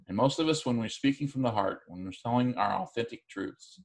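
A man teaching a recorded class lecture, explaining in a relaxed, conversational way with frequent fillers and restarts. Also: mid-range voice, brisk, few pauses.

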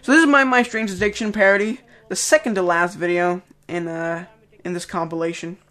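A young man talks through his own videos in a loose, casual commentary. His voice sits notably high for a man. He rambles with enthusiasm, restarts his sentences and fills pauses with "uh" and "um". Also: steady tone, bright, forceful tone. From Denmark.

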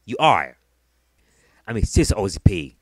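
A man's voice: lowish voice, big pitch swings, moderate pace, no echo. A man delivering a heated, profane vlog rant, often repeating himself. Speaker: vlogger. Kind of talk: angry ranting vlog.

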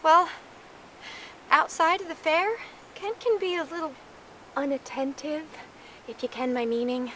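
A woman playing a lovestruck young princess who gushes and puts on airs. Her voice sits high and bright. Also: measured pace, pauses often, slight background noise. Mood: dreamy. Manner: gushing and affected. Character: dreamy romantic faire princess, young woman.

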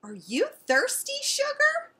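A woman reading aloud and voicing a kind, motherly woman who takes in a lost dog, speaking gently and sweetly. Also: very high voice, wildly swooping pitch, takes it slowly, voice pushed up, exaggerated voice. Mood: gentle. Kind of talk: storybook read aloud.

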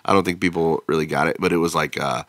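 A man's voice: rumbling low, steady tone, quick pace, fairly bright tone, no echo, studio quality. An American man hosting a podcast, reacting to a video in blunt, profane, joking casual chat. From United States. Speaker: podcast host.

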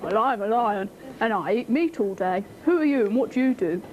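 A woman's voice: on the high side, animated, a little fast, muffled recording, a little hiss or hum, natural voice. A woman voicing a male lion in a joke, in a plain, matter-of-fact way.

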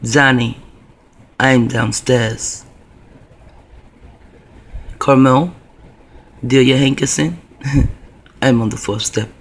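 A man voicing a creepy, raspy entity that taunts slowly and quietly from a distance. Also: steady tone, heavily acted. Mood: creepy taunting. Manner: slow, low, hushed taunting.

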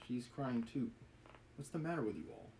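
A man reading a novel aloud, voicing a calm, kindly middle-aged official who speaks gently and with concern. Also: mid-range voice, moderate pace, vocal fry, a little hiss or hum, poor audio.

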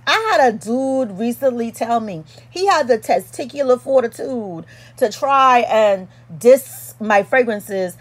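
A woman giving a casual perfume review in a sassy, animated, playful way with dramatic emphasis. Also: a little high, normal speed, slightly rough. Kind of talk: casual product review vlog.

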